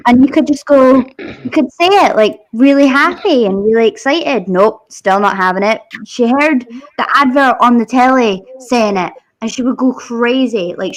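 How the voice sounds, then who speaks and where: A woman telling a lively anecdote in a casual group chat. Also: mid-range voice, low-quality recording.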